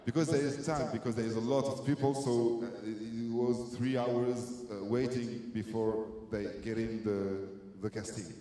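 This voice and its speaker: A man whose first language is French, speaking English haltingly with many restarts as he answers interview questions about casting a film. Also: mid-range voice, level tone, mellow, a little hiss or hum. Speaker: film director. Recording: echoey hall with long reverb.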